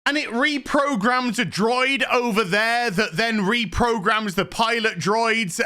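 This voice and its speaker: A man's voice: extremely high pitch, pushed and bright. A man ranting sarcastically in a show review vlog. He is exasperated and swears often.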